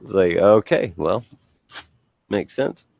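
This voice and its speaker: A man's voice: deep voice, animated, slow, gravelly, a little mellow, no room sound. A man hosting a casual panel chat who tells rambling, joking stories and swears freely.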